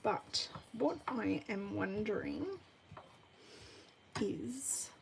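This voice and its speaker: Slow, gravelly woman crafting. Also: mid-range voice, heavy background noise. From Australia. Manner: chatty, thinks aloud, bursts of excitement. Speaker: card-making demonstrator. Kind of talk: live crafting tutorial chat. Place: at a craft desk.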